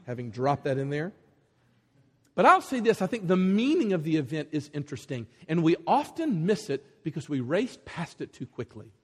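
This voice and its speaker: A man preaching a sermon with animated storytelling, acting out voices as he tells the story. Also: a little high, husky. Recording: long hall reverb.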